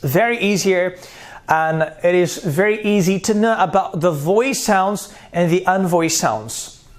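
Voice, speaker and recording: A man's voice: high-pitched, a little slow. A man teaching pronunciation, repeating terms and sounding out consonants one by one. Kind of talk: slow spoken lesson.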